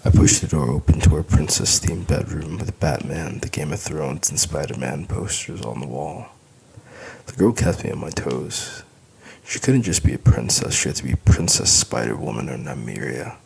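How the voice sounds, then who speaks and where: A man narrates an audiobook in the first person, with wry, tired humor. His voice sits extremely low and rumbles with fry. A faint hiss runs beneath the recording. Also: lively intonation, moderate pace, a little mellow.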